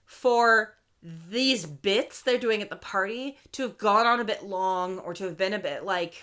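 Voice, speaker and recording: A woman co-hosting a podcast, recapping in casual chat and acting out quotes with animated voices. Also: medium pitch, unhurried. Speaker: podcast co-host.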